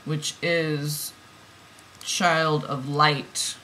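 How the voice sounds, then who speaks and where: Bright-voiced woman giving a card reading. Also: deep voice, level tone, drawn-out words, slight background noise. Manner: emotional, swings from soft musing to heated swearing rants. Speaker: tarot reader.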